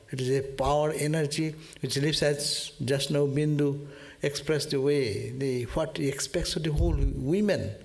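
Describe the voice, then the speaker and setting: A man, a swami giving slow, earnest closing remarks at a devotional gathering, repeating phrases as he goes. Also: medium pitch.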